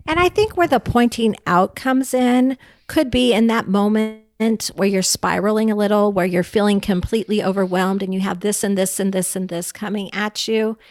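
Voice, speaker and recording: Thoughtful woman with a creaky voice. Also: medium pitch, moderate pace, no room sound. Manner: thoughtful and explanatory, careful with words. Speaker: podcast co-host. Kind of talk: casual conversation.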